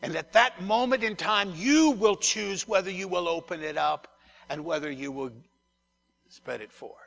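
A man's voice: high-pitched, normal speed, gravelly, fairly bright tone. A man, a pastor, preaching a conversational sermon to his congregation, often repeating words and turning to the listeners.

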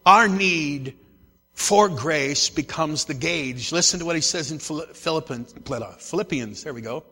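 A man's voice: fairly high pitch, a little slow, sharp tone. A male pastor preaching a sermon, emphatic and repeating his key phrases, speaking familiarly to his congregation in a church. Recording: long echo of a large church hall.

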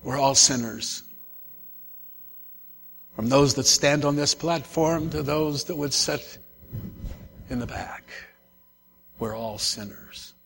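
A man's voice: mid-range voice, slow pace, gravelly, pauses often, fairly bright tone, breathy edge. A male pastor preaching a sermon, emphatic and repeating his key phrases, speaking familiarly to his congregation in a church. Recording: long echo of a large church hall.

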